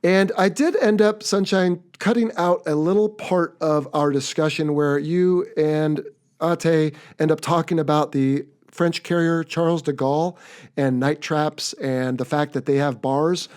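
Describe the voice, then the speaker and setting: An upbeat American man hosts a casual podcast. His voice sits a bit high for a man, and his talk is chatty and relaxed. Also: unhurried. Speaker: podcast host.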